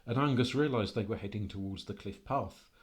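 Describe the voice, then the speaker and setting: A man telling a folk tale live at a convention, with dramatic delivery that swings between slow and hurried. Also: lowish voice. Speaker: storyteller. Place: convention room.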